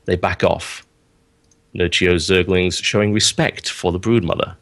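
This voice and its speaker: A man doing a hushed nature documentary narrator. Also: low voice, fairly even intonation. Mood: reverent awe. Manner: slow, reverent, lingering on words. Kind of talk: mock wildlife documentary narration.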